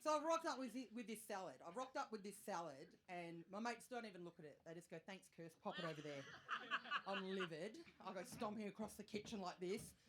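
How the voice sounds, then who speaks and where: A woman in her thirties with an Australian accent, performing a stand-up comedy set, chatty and self-mocking with quick asides to the crowd. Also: mid-range voice, animated. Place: comedy venue stage with live audience. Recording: live show with audience noise.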